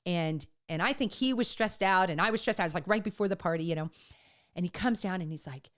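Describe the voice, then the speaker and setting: A woman in her forties co-hosting a podcast, chatting casually and telling stories, acting out the quotes. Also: fairly quick. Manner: animated storyteller, acts out quotes with big pitch jumps. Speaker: podcast co-host. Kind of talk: casual chat.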